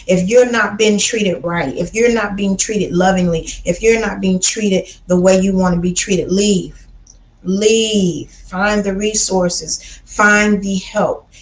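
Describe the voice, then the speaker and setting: A woman's voice: medium pitch, echoey room, low-quality recording. A woman from Chicago hosting a casual livestream, talking in a blunt, preachy way and often calling listeners baby. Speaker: livestream host.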